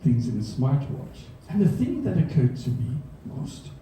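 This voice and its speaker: A slow-talking man with a dark, mellow voice delivers dry science jokes on a comedy stage, chuckling at his own lines. His pitch moves about in a lively way. He is picked up from some distance in a very echoey hall, with faint room noise behind him. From Australia. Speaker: university researcher giving a comedy science talk. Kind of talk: stand-up science talk. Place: comedy venue stage before a live audience.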